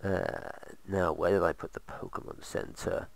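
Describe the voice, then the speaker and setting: A man's voice: sits low, big pitch swings, normal speed, gravelly, no room sound. A man casually commentating while playing a game, rambling with sarcastic asides. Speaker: let's play host.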